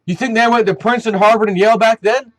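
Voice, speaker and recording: A man with a high voice delivers a heated, animated political rant, stumbling over fillers and restarting sentences. The sound is dry and close, with no room echo. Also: quick pace. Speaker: commentary channel host. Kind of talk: opinion rant.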